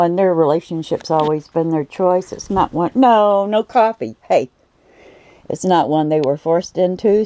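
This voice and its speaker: A woman's voice: low-pitched, mellow, dry recording, low-quality recording. A woman at home at night, filming with a handheld camera as she coos at and scolds her pets in a sing-song voice, then talks to the viewers. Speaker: pet keeper vlogger. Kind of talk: casual talk to her pets while filming.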